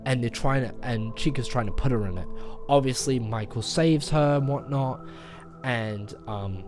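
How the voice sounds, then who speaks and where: A man's voice: medium pitch, normal speed, music in the background. A man giving a casual spoken movie review, rambling through the plot with lots of fillers and acted-out lines. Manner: rambling retelling with many fillers, acting out quoted lines.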